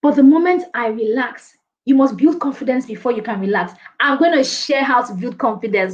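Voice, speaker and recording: A woman's voice: on the high side, animated, brisk. A woman coaching an online class on presentations, reading out viewer comments and laughing often. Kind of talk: live online training session. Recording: dull lo-fi stream audio.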